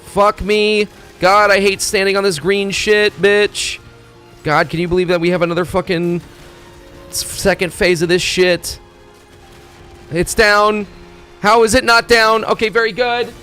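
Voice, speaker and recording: A man streaming a video game, talking in a rambling, excitable, profane way as he plays. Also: high-pitched, a little slow, pauses often. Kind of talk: casual gaming commentary. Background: faint game music.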